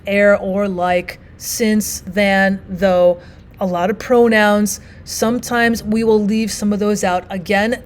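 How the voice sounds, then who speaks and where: A woman's voice: mid-range voice, darkish tone. A woman teacher narrating a recorded language arts lesson, explaining and reading quotes aloud with emphasis.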